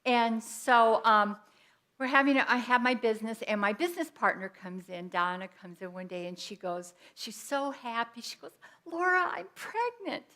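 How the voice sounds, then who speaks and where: A middle-aged woman minister giving a sermon, telling personal stories in an animated way with quoted asides. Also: a little high, normal speed.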